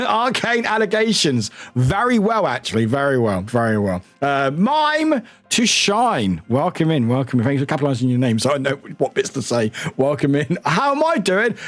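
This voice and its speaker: A man's voice: a little high, big pitch swings, moderate pace, few pauses. A man streaming live, chatting casually and greeting viewers in a chaotic, giggly, self-mocking way, swearing casually.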